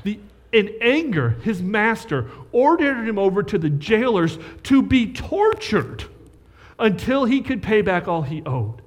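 A man's voice: sits high, sing-song, unhurried, long reverb tail. A man preaching a sermon as pastor, talking conversationally and checking in with rhetorical questions.

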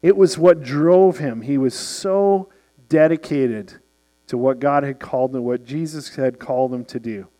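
A man in his forties, a pastor, preaching a sermon and telling lively stories with acted-out voices. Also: mid-range voice, unhurried. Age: 40s. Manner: storytelling, acts out characters in the anecdote.

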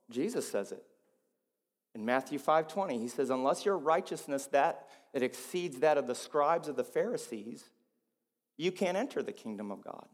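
A man preaching a sermon as pastor, swinging between quiet, low passages and loud, emphatic ones. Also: long reverb tail.

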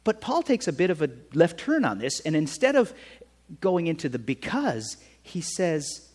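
A man preaching a sermon in a conversational way, often checking in with his listeners with a quick "right?". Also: on the high side, wildly swooping pitch, darkish tone, in a large hall. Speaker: pastor.

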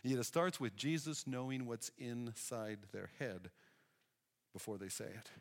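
A man preaching a sermon, telling Bible stories in an animated way and acting out the people he quotes. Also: mid-range voice, a little slow. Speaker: pastor. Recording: long hall reverb.

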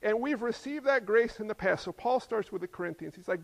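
Man, pastor, lively sermon, rhetorical questions, high voice, long hall echo. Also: fairly quick, gravelly, hardly any pauses. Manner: lively, joking, asks the crowd rhetorical questions.

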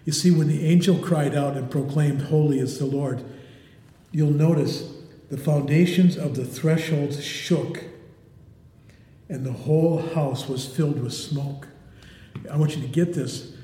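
A man's voice: on the high side, steady tone, a little slow. Man preaching in an echoey hall. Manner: emphatic preaching, dropping to a hush on key words. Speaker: pastor. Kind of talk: sermon. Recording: echoey hall with long reverb.

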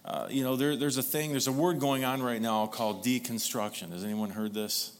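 A man's voice: medium pitch, fairly even intonation, fairly quick, faint music behind. A male pastor delivering a sermon, drawing the congregation in with repeated call-and-response prompts.

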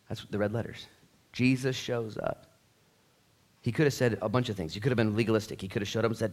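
A middle-aged man delivers a church sermon with a lively, wide-ranging voice that jumps up and drops low. He acts out little scenes in different voices and moves from loud outbursts to quiet, hushed asides. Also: quick pace. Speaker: pastor.

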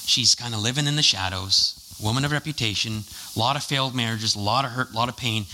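Bright-voiced preacher man, chatty. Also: mid-range voice, fast talker, a little hiss or hum, rough recording. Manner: chatty, jokey asides, many fillers. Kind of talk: casual conversational sermon.

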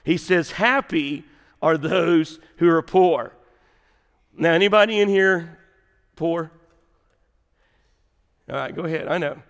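A high-pitched male pastor delivers a sermon to his congregation in an animated, chatty, conversational way, swinging between loud and hushed as he drops low and rises again for emphasis. He speaks slowly and smoothly with long pauses. A long reverb hangs in the church sanctuary.

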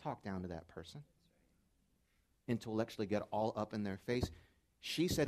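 A middle-aged male pastor delivers a sermon with a mid-range voice. He tells stories in a conversational way, then climbs into loud, fervent stretches. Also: medium pitch, normal speed, long pauses. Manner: storytelling, builds to loud fervent peaks.

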